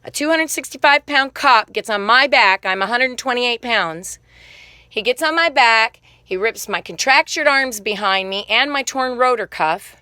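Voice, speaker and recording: Angry woman vlogger with a sharp tone and a dry sound, cursing through a quick rant. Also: fairly high pitch, expressive, clear, resonant tone, no room sound. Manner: heated, swearing, quick angry storytelling. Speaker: vlogger telling her own story. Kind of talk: casual spoken monologue.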